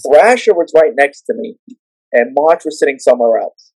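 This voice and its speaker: A man on a podcast telling memories in a lively way, acting out the people he quotes. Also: a little high, slightly rough, no echo, low-quality recording. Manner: animated, acts out the people he quotes; rapid run-on retelling of wrestling memories. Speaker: podcast guest and storyteller. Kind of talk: casual podcast storytelling.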